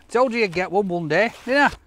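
A man, chatting excitedly to camera while he opens fan mail in a park, laughing often. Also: high voice. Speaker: food reviewer opening fan mail. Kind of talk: casual vlog chat to camera. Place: outdoors in a park.

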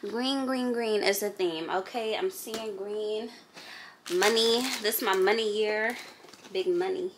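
A woman's voice: mid-range voice, a little slow, a little hiss or hum. Chatty woman vlogging at her makeup table. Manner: chatty, animated, addresses viewers as y'all and honey. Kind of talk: casual vlog chat.

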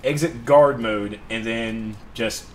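A young man giving casual, excitable gameplay commentary, swearing often and laughing at himself. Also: medium pitch, slow, a little hiss or hum. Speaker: gaming channel host.

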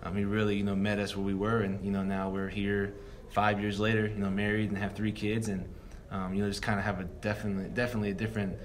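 A man's voice: lowish voice, completely flat delivery, fast, slight background noise. A young man in his twenties, a guest sharing a personal faith story in a rambling, earnest way full of fillers. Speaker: guest, football player. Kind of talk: reflective personal testimony.

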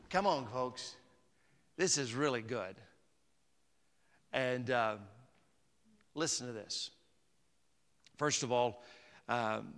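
Bright-voiced preaching pastor in a reverberant church. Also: male voice, medium pitch. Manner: conversational preaching, rising to emphatic peaks. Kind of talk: sermon. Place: church sanctuary. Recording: long hall reverb.

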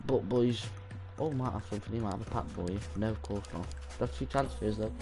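A young man commentating his own live gameplay stream, excitable, swearing and yelling at the game. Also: on the low side, fairly quick, over music. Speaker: gaming streamer.

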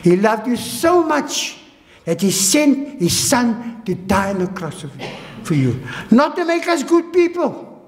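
High-voiced South African preacher in a reverberant hall. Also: male voice, very animated, unhurried. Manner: emotional testimony, swinging between high urgent and low hushed phrases. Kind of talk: sermon. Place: church hall.

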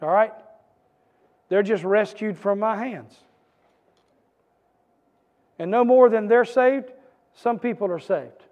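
A man preaching a sermon as pastor, with a repetitive, building cadence that rises to shouts. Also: high voice, slow pace, long pauses, highs cut off. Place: church sanctuary. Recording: church hall reverb.

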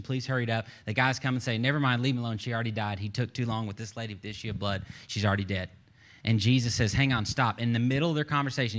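A man preaching a sermon as pastor, with a voice of middling pitch. He tells the story with animation and acts out the people in it. He climbs to emphatic peaks and then drops low and quiet. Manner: rising to emphatic bursts, then dropping low and soft.

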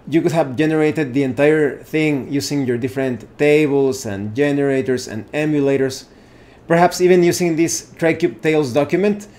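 A man hosting his channel, explaining solo tabletop games in a casual, unhurried way, improvising and correcting himself as he goes. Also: on the high side, a little mellow.

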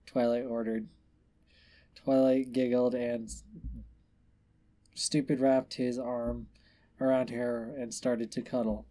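A man reads a story aloud in a casual, unpolished way. He goes slowly, with a dark, mellow voice. He stumbles over words and drops in offhand remarks. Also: mid-range voice, level tone. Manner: offhand, trips over words, adds asides. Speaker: reader. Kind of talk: casual reading of fan fiction aloud.

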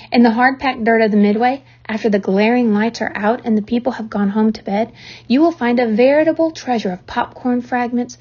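A woman's voice: on the high side, a little mellow, lightly acted. A woman voicing a worldly old sheep who coaxes at length, heard on a dull lo-fi recording. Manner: lists things at length, coaxing.

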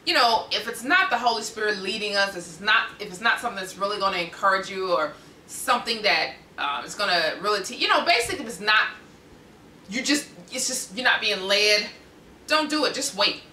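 An American woman hosting a casual ministry chat, talking in an animated way and laughing often. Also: medium pitch, fairly quick, a little hiss or hum. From United States. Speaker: ministry host. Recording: echoey room, mic at a distance.

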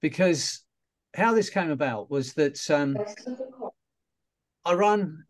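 A man's voice: on the high side, expressive, slow pace. A man, a hypnotherapist and trainer, talking casually to an online audience over a video call, with fillers and small laughs.

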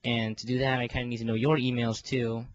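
A man's voice: medium pitch, little pitch movement, quick pace, no room sound, dull audio. A teenage boy in a casual vlog, rambling and self-deprecating, with lots of fillers and restarts. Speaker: video creator organizing a fan voice series.

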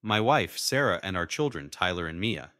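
A man's voice: low voice, expressive, moderate pace, bright, forceful tone, no room sound, studio quality. A man voicing a nervous middle-aged father who pleads in a shaky voice.

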